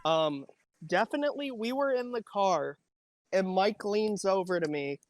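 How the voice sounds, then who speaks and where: A man's voice: high voice, measured pace, dry recording. Swearing man telling stories, dry mic. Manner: swears freely, animated storytelling. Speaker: podcast co-host. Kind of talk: casual chat.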